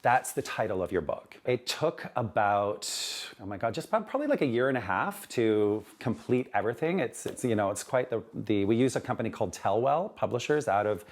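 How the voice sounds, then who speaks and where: A man's voice: fairly low pitch, very animated, brisk, few pauses. A man, a children's book author, talking earnestly in an interview and telling his story with many "you know"s.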